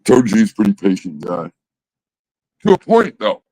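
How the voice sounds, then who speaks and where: A middle-aged man with a low voice talks to his stream in a loose, rambling way, dropping profanity into nearly every sentence. The sound is dry and close, with no room echo around it. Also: wildly swooping pitch, moderate pace, warm tone. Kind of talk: casual chat.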